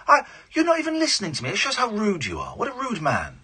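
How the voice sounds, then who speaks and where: Field. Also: male voice, sits high, huge pitch swings, fast talker, bright, forceful tone, husky. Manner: combative, sarcastic, mocking. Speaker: radio phone-in host. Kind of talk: live radio phone-in argument.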